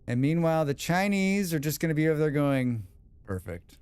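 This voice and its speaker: A man's voice: on the high side, brisk, a little mellow, clear, resonant tone, dry recording. A man streaming a game, chatting casually and answering chat with rambling, opinionated remarks. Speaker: livestream gamer. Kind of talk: casual livestream chat reading chat.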